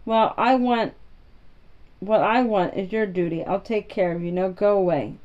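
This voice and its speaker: A woman's voice: medium pitch, normal speed, dull audio, natural voice. A woman voicing an imperious, sickly young boy who gives orders and asks demanding questions, in a storybook reading.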